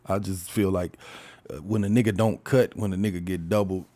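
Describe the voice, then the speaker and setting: Forties male podcast host, AAVE speech, low mellow voice, profane and animated solo talk. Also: moderate pace. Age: 40s. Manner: profane, animated storytelling with frequent laughs. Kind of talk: casual solo podcast monologue.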